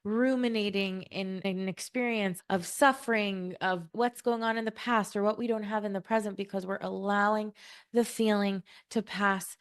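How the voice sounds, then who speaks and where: A woman's voice: mid-range voice, fairly even intonation, normal speed, smooth. A woman co-hosting a podcast who works with parents, talking in an earnest, thoughtful way in long flowing sentences. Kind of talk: reflective conversational podcast talk.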